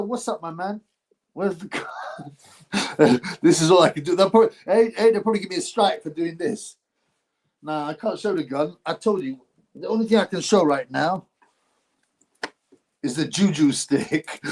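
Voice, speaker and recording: A middle-aged English man with a slightly high voice hosts a casual livestream, reading viewer comments aloud. His delivery is animated and rambling, with frequent restarts.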